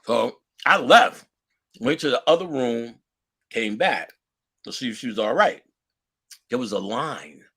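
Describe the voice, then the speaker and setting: A man with a husky, slightly breathy voice that rings bright and forceful. His pitch swings widely as he tells a loose, profane story in street slang. He often slips into the voices of the people he quotes. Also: expressive, a little slow, long pauses. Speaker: lecturer. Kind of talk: casual anecdotal storytelling.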